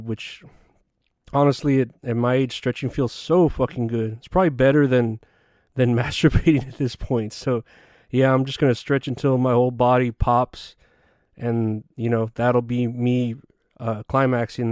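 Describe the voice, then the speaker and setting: A man's voice: mid-range voice, darkish tone, dry recording, clean studio sound. A man hosting a solo comedy podcast, rambling through crude, offhand jokes. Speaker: podcast host.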